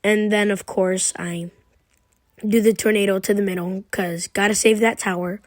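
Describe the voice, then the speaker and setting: A young woman narrates her own match in a loose, joking way, teasing her opponent. Her voice sits at an ordinary middle pitch and is recorded very dry and close. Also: steady tone, moderate pace, no room sound. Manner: playful trash-talking, self-narrating her moves. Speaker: gaming commentator. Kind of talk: casual game commentary over gameplay.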